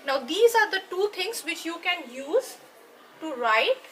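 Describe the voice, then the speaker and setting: A woman's voice: extremely high pitch, big pitch swings, measured pace, sharp tone, a little hiss or hum. A woman, patiently explaining a dance lesson and checking in with her students as she goes. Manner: patient, checks in with "right?" and "okay?". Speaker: dance teacher.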